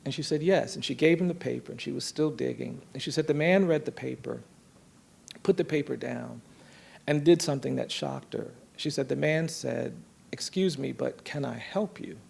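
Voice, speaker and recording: A man telling a story from his work in an earnest, measured way, voicing the people in it softly. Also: mid-range voice. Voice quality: gravelly, husky. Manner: earnest, measured storytelling with soft quoted voices. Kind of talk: storytelling talk.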